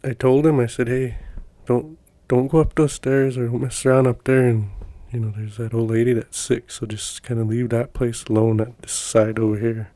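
A middle-aged man tells his own stories in a loose, folksy ramble, full of fillers and restarts. His voice sits mid-range and sounds relaxed and mellow. The recording is dry and close. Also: medium pitch, moderate pace, few pauses, dry recording. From Montana. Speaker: podcast guest telling personal stories. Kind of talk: casual storytelling.

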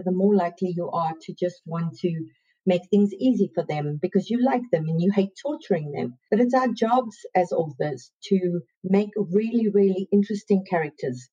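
A woman's voice: fairly low pitch, mellow, husky. A woman host giving direct, instructive advice to writers. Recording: dull, lo-fi recording.

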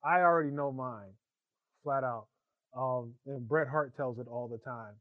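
A man's voice: mid-range voice, measured pace, no room sound. A man co-hosting a podcast, telling a story in casual chat and laughing as he goes. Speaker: podcast co-host. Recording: muffled, lo-fi sound.

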